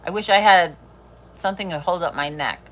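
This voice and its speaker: A woman's voice: lowish voice, fairly quick, a bit bright. A middle-aged woman hosting a live stream, chatting casually, swearing freely and laughing often. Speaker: livestream host.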